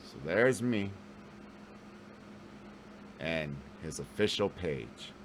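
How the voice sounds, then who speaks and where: A man's voice: sits low, expressive, drawn-out words, a little hiss or hum, rough recording. A man in his forties telling a rambling, self-deprecating story to camera, full of fillers and restarts. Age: 40s. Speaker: vlogger and new actor.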